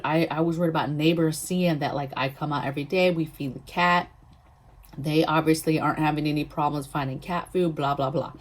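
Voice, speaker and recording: A woman with a deep-set, low voice talks straight to camera for her prepping vlog. She tells her story casually and with animation, punctuating points with emphatic rhetorical asides. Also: fairly even intonation, fast. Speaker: prepping vlogger.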